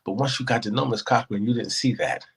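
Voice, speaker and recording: A man telling a personal story as a guest, in an animated way that acts out the voices of the people in it. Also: medium pitch, fast talker, husky, poor audio.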